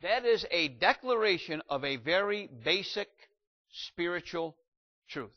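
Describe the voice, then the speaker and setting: A man in his fifties preaches with a fairly high voice, rising into loud, ringing exhortation and then dropping low for quiet stories. The sound is dull and lo-fi. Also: expressive, unhurried. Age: 50s. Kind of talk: sermon. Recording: dull lo-fi recording.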